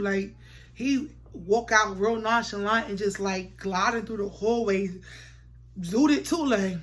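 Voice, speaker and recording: A young woman vlogger telling a storytime tale in slangy, animated chat, acting out the lines of the people in it. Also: a little high. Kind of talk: storytime vlog.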